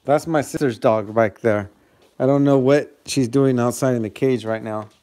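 A man's voice: medium pitch, normal speed, mellow. A man chatting casually on a live stream from his phone, calling to his dogs and laughing with viewers.

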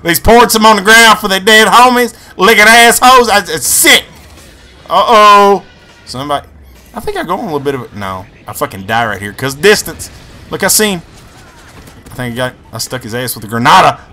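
A man with a high, very bright, edgy voice talks over his gameplay. His commentary is excitable, rambling and full of swearing, and his pitch swings widely from low mutters to sharp yelps. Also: brisk, faint music behind. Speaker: gaming channel host.

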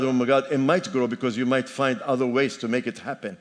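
This older pastor talks fast with a medium pitch and fairly even intonation. His emphatic, repetitive sermon, sprinkled with joking asides, echoes through the long reverb of a church sanctuary.

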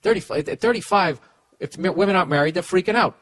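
Profane ranting comedian with a Boston accent. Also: male voice, high-pitched, fast talker, a bit bright. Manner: profane, ranting, stammering restarts. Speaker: podcast host. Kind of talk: comedic advice rant.

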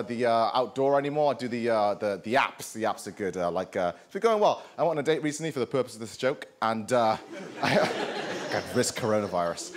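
A man in his twenties performing a live stand-up set, with a dry, self-deprecating delivery full of "uh" pauses. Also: mid-range voice. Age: 20s. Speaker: stand-up comedian. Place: comedy club stage with live audience. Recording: live club recording, audible noise. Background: audience laughter.

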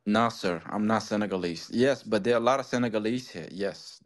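A man's voice: on the low side, a little fast. A man from Nepal calling in to a talk show, asking questions and defending himself insistently. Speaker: caller. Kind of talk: phone-in call.

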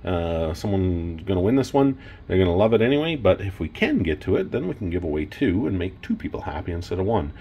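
A man's voice: low voice, very animated, fairly quick, few pauses, mellow, slightly rough. A Canadian man casually showing off cigars in a vlog, enthusiastic and rambling with fillers. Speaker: cigar reviewer.

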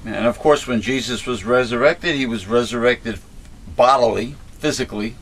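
A man's voice: mid-range voice, normal speed, a bit bright. A man hosting a heated religious discussion, mostly agreeing and sometimes defensive. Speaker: show host.

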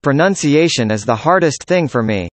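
Speaker reading practice dialogues, mid pitch. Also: lively intonation, moderate pace, no room sound. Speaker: dialogue reader. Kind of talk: scripted conversation practice.

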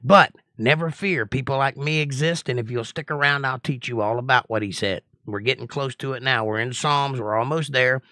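A man's voice: medium pitch, moderate pace, few pauses, pushed and bright, dry recording. A middle-aged man hosting a live-stream Bible study, reading viewer comments aloud and answering them in a blunt, assertive, lecturing way. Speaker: Bible study teacher and host.

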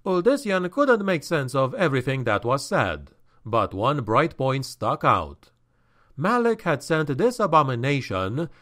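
A male narrator reads a dark fantasy novel in a slow, deliberate tempo. His pitch rises and falls expressively to heighten the drama. His delivery sounds scripted and carefully paced. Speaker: audiobook narrator.

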